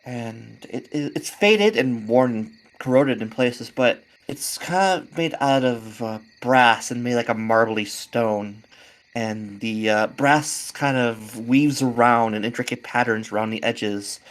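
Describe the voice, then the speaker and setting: A woman's voice: very deep voice, a little slow. A woman game master describing the scene in a tabletop game, in a casual tone with small fillers.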